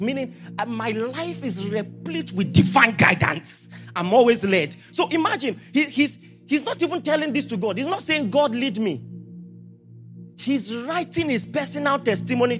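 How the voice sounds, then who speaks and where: Animated male preacher, lively pitch. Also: normal speed, faint music behind. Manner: animated preaching, rhetorical questions, swings from soft to shouting. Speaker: pastor. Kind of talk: sermon.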